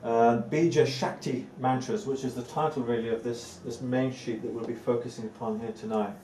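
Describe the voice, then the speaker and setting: In an indoor room before a live audience, a spiritual teacher speaks earnestly, repeating key words for weight. His mellow, warm voice is medium-pitched, with fairly even intonation and a moderate pace. He's recorded from a distance amid echo and a faint hum of ambient noise.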